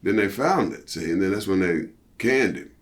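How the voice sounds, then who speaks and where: Man, low-pitched voice, middle-aged, casual interview, animated storyteller, profane, trailing fillers. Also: moderate pace. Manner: animated storyteller, jumps high for quoted outbursts; loose, profane, trailing "you know, see?". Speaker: interview guest, former pro wrestler.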